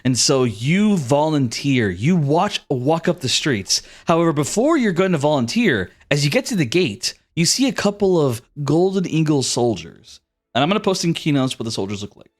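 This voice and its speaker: A man's voice: fairly high pitch, big pitch swings, moderate pace. A man narrating a tabletop game as game master, with easygoing, descriptive storytelling.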